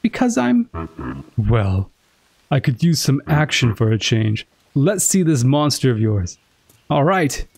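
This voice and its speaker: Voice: medium pitch, big pitch swings, slow pace, long pauses, darkish tone, no echo, heavily acted. A streamer doing a grumpy drunk knight. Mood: gruff. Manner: gruff, sarcastic, slurring.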